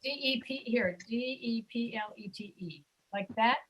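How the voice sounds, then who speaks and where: A woman teaching a pronunciation class over a video call, patiently repeating words slowly for students. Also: on the high side, poor audio. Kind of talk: online class instruction.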